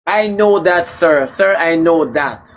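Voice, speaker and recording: A man with a Jamaican accent in a camp, sharp-tongued live chat, drawing out words slowly for comic effect. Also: a little high. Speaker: livestream personality. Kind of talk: sassy comedic live chat.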